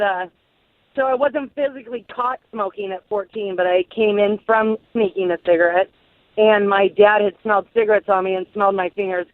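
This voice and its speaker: A woman's voice: medium pitch, no echo. A woman calling into a radio show, telling a story in a wry, matter-of-fact way. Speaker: caller. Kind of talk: phone-in storytelling. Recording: tinny phone line.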